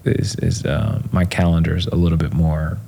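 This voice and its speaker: A man's voice: low-pitched, normal speed, vocal fry, a little hiss or hum. A man being interviewed as a motivational speaker, telling stories casually with lots of fillers and acting out what people said. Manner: animated storyteller acting out quotes; loose, filler-heavy talk.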